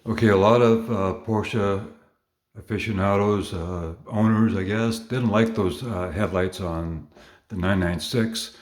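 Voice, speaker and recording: Low-voiced guy rambling happily about his collection, lots of uhs and little corrections. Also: a little slow, a little mellow. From Canada. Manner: enthusiastic, rambling with fillers and self-corrections. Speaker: collector showing model cars. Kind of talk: casual show-and-tell.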